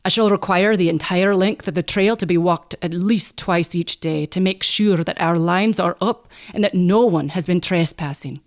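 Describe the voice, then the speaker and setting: A stern middle-aged lumber boss lays out the job in a measured, firm way, as a woman reading the book puts him on. The voice sits low, and the telling is steady and plain, like a storybook boss. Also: lightly acted.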